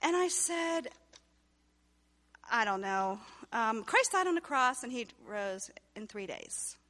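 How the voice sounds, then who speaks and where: Woman telling her church testimony, bright sharp voice, lots of reverb. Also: fairly high pitch, slow. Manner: animated storyteller acting out quoted dialogue. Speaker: testimony speaker. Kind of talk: personal testimony storytelling.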